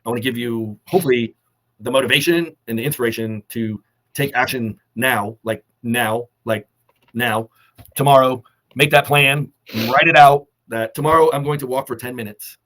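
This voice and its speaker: A man co-hosting a fitness talk, delivering earnest, measured motivational advice and holding back emotion. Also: mid-range voice, a bit bright. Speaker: co-host of a fitness summit talk.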